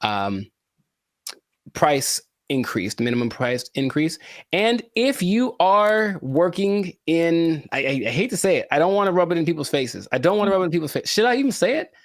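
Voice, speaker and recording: A man's voice: on the high side, big pitch swings, normal speed, no room sound, clean studio sound. Playful theatrical man co-hosting a podcast. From California. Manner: playful and theatrical, repeats words and mock-dramatic asides. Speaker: podcast co-host. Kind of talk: casual podcast chat.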